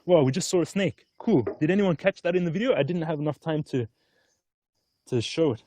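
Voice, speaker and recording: A man chatting casually on a live stream from an outdoor hilltop, easygoing and often excited. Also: fairly high pitch, fairly quick, dry recording. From Australia. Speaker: stock market vlogger.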